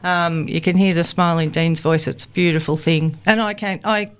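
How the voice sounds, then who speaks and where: A woman's voice: on the low side, steady tone, moderate pace, smooth. A woman co-hosting a community radio show, teasing her co-host with dry humour. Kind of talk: casual radio chat.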